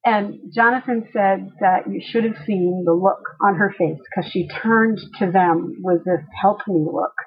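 A woman telling a personal story to a listener, animated and acting out the voices of the people she quotes. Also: mid-range voice, measured pace, hardly any pauses, husky, highs cut off.

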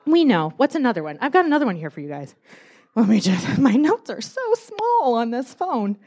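A woman's voice: on the high side, moderate pace. Chatty young woman giving a casual sermon. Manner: chatty and animated, laughs often, self-deprecating. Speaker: church speaker.

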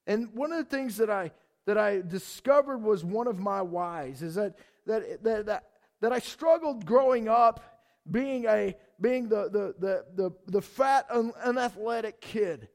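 Pastor guy preaching, high voice, repeats himself a lot, all worked up. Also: normal speed. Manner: animated, repeats words and stammers restarts. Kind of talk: sermon.

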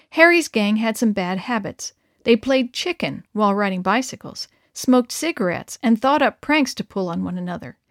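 A woman's voice: mid-range voice, no room sound, studio quality. A woman reading a children's story aloud, lifting into character voices for the dialogue.

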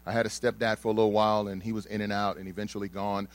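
Man, from Texas, sermon, chatty and wry storytelling, deep-ish voice, dead dry sound. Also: flat delivery, rapid-fire, no room sound. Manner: conversational, humorous storytelling with frequent fillers. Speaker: speaker giving a testimony sermon.

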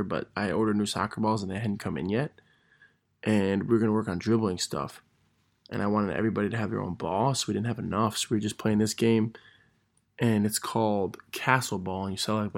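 A man's voice: on the low side, creaky. A young man, a gym teacher, telling funny stories in a casual monologue, laughing through them and correcting himself as he goes. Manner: laughs through his stories, animated, quick self-corrections.

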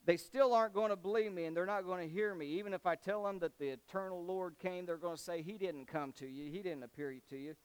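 A preacher doing a timid, stammering Moses. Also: male voice, high-pitched, fast talker, few pauses, smooth, lightly acted. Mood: anxious pleading. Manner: stammering, pleading. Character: timid stammering Moses, anxious grown man. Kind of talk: sermon.

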